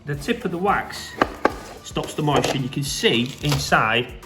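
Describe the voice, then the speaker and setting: Slightly slow but expressive, his voice a little high, the Yorkshire man lovingly shows off fresh produce in an informal demonstration. He's recorded at a distance in an echoey room with faint music.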